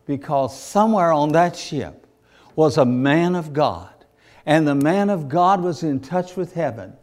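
A man's voice: on the high side, expressive, unhurried, darkish tone. A man preaching a sermon, repeating phrases and building to emotional peaks.

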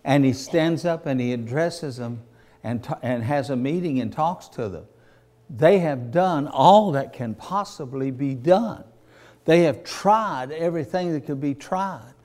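A man's voice: a little high, expressive, unhurried, darkish tone. A man preaching a sermon, repeating phrases and building to emotional peaks.

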